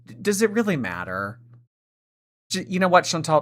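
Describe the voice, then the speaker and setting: A woman's voice: lowish voice, very animated, normal speed. A woman streamer giving sarcastic, mocking commentary on a video and reading chat messages aloud.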